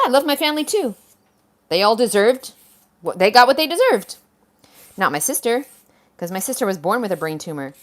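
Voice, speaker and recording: A woman hosting a livestream, answering a viewer comment in a blunt, heated, swearing rant. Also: medium pitch. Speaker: livestream host.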